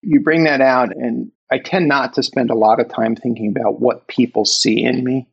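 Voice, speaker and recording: Gravelly, husky man telling stories. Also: mid-range voice, normal speed, muffled recording. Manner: emotional, animated retelling of conversations. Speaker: interview guest, author. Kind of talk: reflective storytelling.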